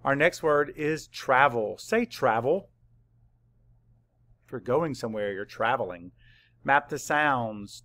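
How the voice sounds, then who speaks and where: A man leads a children's spelling lesson at a very slow, patient pace, sounding out each letter. His voice has a gravelly edge. The sound is dry and close, with no room echo. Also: mid-range voice, animated, fairly bright tone. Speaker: third-grade teacher.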